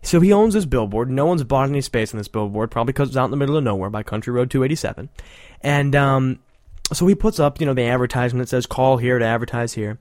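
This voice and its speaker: A man's voice: mid-range voice, expressive, quick pace, a little mellow, no room sound, clean studio sound. A man hosting a show, giving casual, sarcastic, rambling commentary with frequent laughter. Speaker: podcast host.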